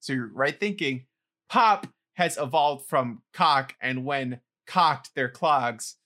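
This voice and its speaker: A man's voice: medium pitch, slow pace, sharp tone. A man co-hosting a podcast, running a phrase quiz with teasing and frequent laughs. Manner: teasing, laughs often, reads quiz lines aloud. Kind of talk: casual podcast banter.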